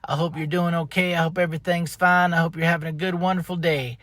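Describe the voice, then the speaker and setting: A man hosting his own podcast talks in a loose, folksy ramble, circling back and repeating his phrases. His voice sits a little higher than most men's. The sound is dry and close, with no room echo. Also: level tone, quick pace, a bit bright. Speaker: podcast host. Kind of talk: casual motivational monologue. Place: outdoors up in a tree.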